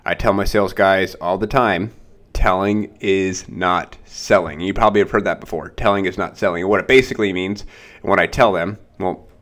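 A young adult man hosts a casual sales-training podcast, talking loosely and acting out short exchanges with clients. His voice is deep and fairly bright with a clean delivery, and he talks fast.

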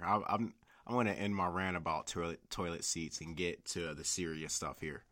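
A man's voice: sits low, steady tone, normal speed, fairly bright tone. A young man hosting a solo podcast, rambling and swearing a lot, with constant filler words. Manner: rambling, profane, heavy use of "like". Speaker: podcast host. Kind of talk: casual solo podcast rant.

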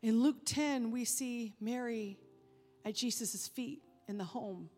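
A woman preacher delivering a sermon, emphatic, rising when animated and dropping soft to stress a point. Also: a little high, takes it slowly. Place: church sanctuary. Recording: reverberant hall with faint music.

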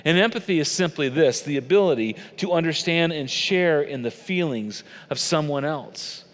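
A man's voice: animated, moderate pace. Man preaching in an echoing hall. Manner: dramatic, emotional preaching with big swings in pitch and volume. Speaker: pastor. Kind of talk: sermon. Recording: long reverb of a large hall.

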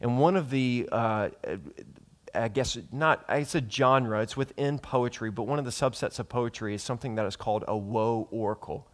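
A man's voice: medium pitch, moderate pace. Emphatic man preaching a sermon. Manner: emphatic, repeats words for stress, asks the listeners questions. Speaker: pastor.

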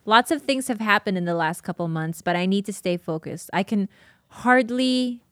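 A woman's voice: mid-range voice, moderate pace, a bit bright, no echo. Woman reading a diary aloud, dry mic. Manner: emotional, laughing and tearing up while reading. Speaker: podcast host.

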